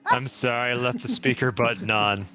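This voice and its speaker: A man playing a tabletop game, chatting casually, joking and thinking out loud. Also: mid-range voice, steady tone, moderate pace, music in the background. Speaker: player.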